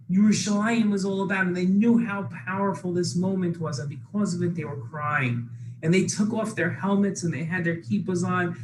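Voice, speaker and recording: A man narrating a children's story slowly and emphatically. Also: high voice, a little mellow. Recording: noisy background hiss.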